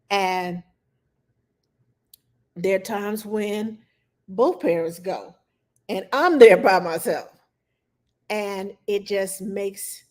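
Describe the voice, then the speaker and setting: A woman hosting a casual livestream as a nanny. She tells stories with animation and acts out what she was thinking back then. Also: medium pitch. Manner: animated storytelling, acts out her own past thoughts.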